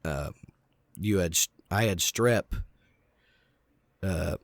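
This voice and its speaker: A man's voice: deep voice, takes it slowly, gravelly, no echo. A man co-hosting a podcast, telling a candid, rambling story in casual chat while getting over a sore throat. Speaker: podcast co-host. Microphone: podcast mic.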